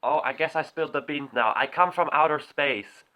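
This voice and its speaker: A woman's voice: low-pitched, fairly quick, bright, forceful tone. A woman doing an impression of an eccentric, defensive male filmmaker, speaking in broken grammar with stammers and mocking chicken clucks. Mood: dreamy. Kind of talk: comedy sketch impression.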